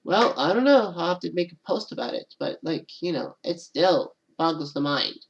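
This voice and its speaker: Lady vlogger, low creaky voice, rambles on and keeps saying "and all that". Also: animated, normal speed, dull audio. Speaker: channel host. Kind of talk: casual solo commentary.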